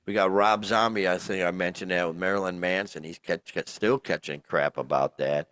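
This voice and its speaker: Low-voiced tipsy man in casual chat. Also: steady tone, moderate pace, fairly bright tone. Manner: loose, rambling, laughs often. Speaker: podcast co-host.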